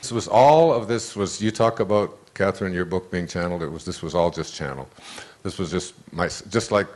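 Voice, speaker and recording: Low-voiced older man lecturing. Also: fairly quick, darkish tone. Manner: rambling storyteller, restarts and asides. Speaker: inspirational lecturer. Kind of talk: inspirational lecture to a live audience.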